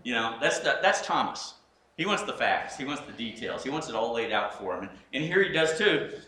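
Animated male pastor mid-sermon, bright voice, echoey room. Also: mid-range voice, fairly quick. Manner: animated, acts out scenes, frequent restarts.

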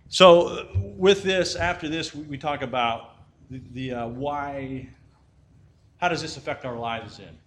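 A man's voice: medium pitch, a bit bright. Man preaching casually in an echoey room. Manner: conversational, repeats "right?", frequent restarts and fillers. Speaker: Christian teacher. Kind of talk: informal sermon with a parable. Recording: echoey room with faint ambient noise.

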